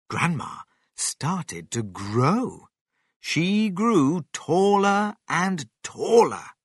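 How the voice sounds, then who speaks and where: A reader narrating a children's story slowly and expressively. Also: medium pitch, husky, no echo, studio quality. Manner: slow, expressive, sing-song.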